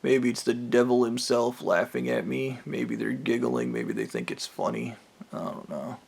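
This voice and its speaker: A man at a middle pitch talks in a rough, gravelly voice. He rambles through a bitter personal monologue, profane and scornful. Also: animated, normal speed, a little mellow. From United States. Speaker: vlogger. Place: trailer park home.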